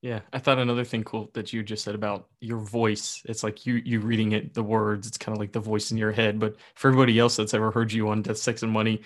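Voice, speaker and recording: A man's voice: on the low side, little pitch movement, fast, hardly any pauses. A man from West Virginia with a country accent, hosting a podcast in an easygoing, folksy, rambling way. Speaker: podcast host. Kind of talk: casual podcast chat and outro.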